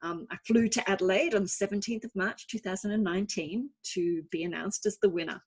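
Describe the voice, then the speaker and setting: Husky Australian woman telling stories. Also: mid-range voice, fairly even intonation, a little fast. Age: 40s. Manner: chatty, self-deprecating storytelling. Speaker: author. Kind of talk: online author talk.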